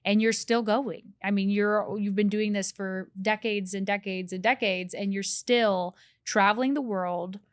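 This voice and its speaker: A woman's voice: medium pitch, fairly even intonation, measured pace, few pauses, no room sound, clean studio sound. A young woman hosting an interview, asking reflective questions with an eager, chatty manner. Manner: enthusiastic, reflective questions with filler "like". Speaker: interview host. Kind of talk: conversational interview.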